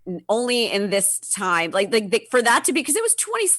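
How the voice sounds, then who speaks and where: A woman chatting on a film-review podcast, animated and giggly, filling her talk with "like". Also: a little high, brisk. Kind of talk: casual film-review chat.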